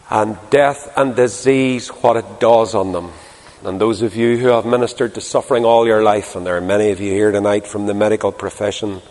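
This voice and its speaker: A man preaching a sermon to a congregation, swinging between loud emphasis and hushed tenderness. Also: on the low side. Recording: long hall reverb.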